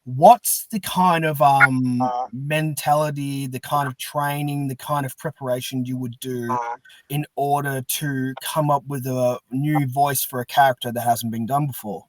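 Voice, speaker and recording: A man's voice: mid-range voice, steady tone, unhurried, rough recording. A man hosting a podcast, asking long eager questions with laughter. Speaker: podcast host. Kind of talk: casual interview chat.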